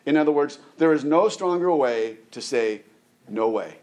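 A man's voice: a little high, expressive, darkish tone. A middle-aged man giving a conversational sermon as a pastor, often restarting his words and asking the listeners rhetorical questions. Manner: halting, repeats words, asks rhetorical questions.

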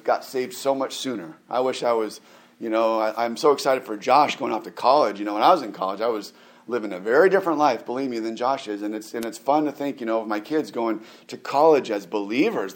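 A man in his forties delivers a sermon in an easygoing, conversational tone. He often stumbles over restarts and filler words, then lifts into louder, emphatic stretches to press a point. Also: medium pitch. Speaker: pastor.

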